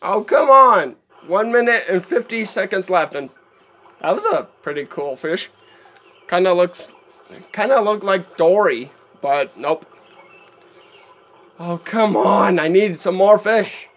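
A man's voice: high voice, slow pace, long pauses. A man streaming live gameplay commentary, chatty and easily exasperated, laughing often at what happens on screen.

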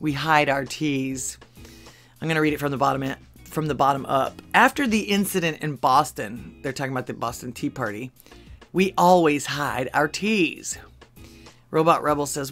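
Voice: mid-range voice, fairly quick, fairly bright tone, soft background music. A channel host at home in Texas, reading funny social media posts aloud and adding dry asides between them, with chuckles at the jokes.

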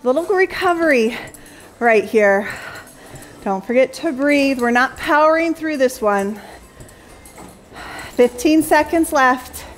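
A young adult woman leads a Pilates class at an unhurried pace, counting down reps and calling out cues. She sounds a little winded but stays upbeat, with bursts of cheering between sets. Her voice sits high. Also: animated, slight background noise. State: slightly out of breath. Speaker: Pilates instructor. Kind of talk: fitness class cueing.

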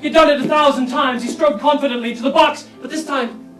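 A man's voice: very high-pitched, fairly even intonation, fairly quick. An actor on a live stage playing a grief-stricken, talkative male mime who tells his story in a theatrical, overwrought way. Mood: melodramatic. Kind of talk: live sketch comedy performance. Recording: echoey live stage audio from far off, loud music and audience laughter.

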